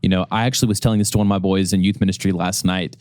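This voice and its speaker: A man co-hosts a podcast, talking fast in a low voice. He fires off quick jokes and comebacks. The recording is dry and close. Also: steady tone, darkish tone, no echo. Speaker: podcast co-host. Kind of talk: podcast interview.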